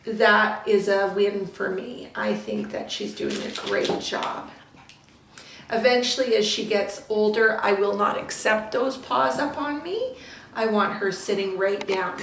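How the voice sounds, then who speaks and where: A woman breeder explaining puppy training calmly, switching to high sing-song praise for the puppies. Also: distant mic, slight background noise. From Canada. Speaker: dog breeder. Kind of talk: casual training demonstration. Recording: echoey room, voice off-mic.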